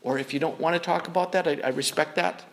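A man's voice: on the high side, fairly even intonation, quick pace, a little hiss or hum. A man preaching a sermon as pastor, speaking in an earnest, conversational way and often repeating words as he goes.

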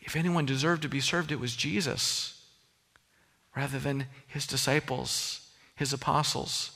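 A man's voice: mid-range voice, unhurried, gravelly, pushed and bright, long reverb tail. A man preaching a sermon as pastor, earnest and emphatic, often restarting his phrases.

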